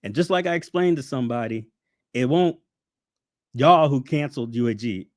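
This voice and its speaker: Heated, profane man ranting, lively pitch. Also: normal speed, dry recording, studio quality. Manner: profane, heated, sarcastic, laughs often. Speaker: channel host. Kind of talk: casual livestream rant.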